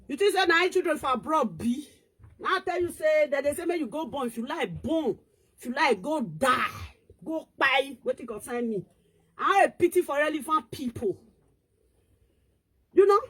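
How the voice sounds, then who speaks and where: A woman's voice: sits high, animated, normal speed. A woman with a Nigerian Pidgin accent, ranting and scolding in casual online commentary, switching between languages.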